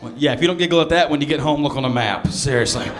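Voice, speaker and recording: A man from near Birmingham, Alabama, with a mild Southern accent, doing a stand-up set in a sardonic, storytelling way with quick asides to the crowd. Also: fairly high pitch. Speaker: stand-up comedian. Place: comedy club stage. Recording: echoey club room with crowd laughter. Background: audience laughter.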